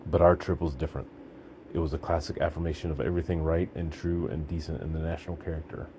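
A man reading a story aloud in a gritty, deadpan manner, breaking into shouts for the dialogue. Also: a bass voice, quick pace, a little hiss or hum. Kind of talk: audiobook narration.

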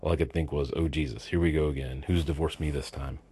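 A man's voice: rumbling low, steady tone, fast talker, warm tone, husky, full character voice. A man voicing a rowdy, drunk middle-aged biker who rambles profanely. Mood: boozy rambling.

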